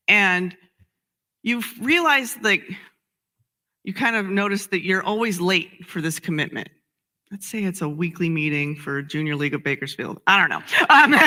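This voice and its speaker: A woman minister giving a conversational sermon, animated, acting out little role-plays and laughing often. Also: mid-range voice.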